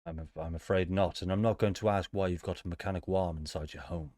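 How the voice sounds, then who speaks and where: A man's voice: sits low, steady tone, fast talker, warm tone, no room sound, studio quality, voice pushed down, natural voice. A man voicing a flustered, apologetic male casino dealer in a tabletop game. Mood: puzzled.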